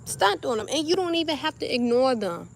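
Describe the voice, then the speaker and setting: A spiritual vlogger with a slightly high voice gives her viewers a loose, animated pep talk, speaking straight to them a little fast. Her voice comes through clearly over slight background noise, and she acts out little scenes with a playful laugh.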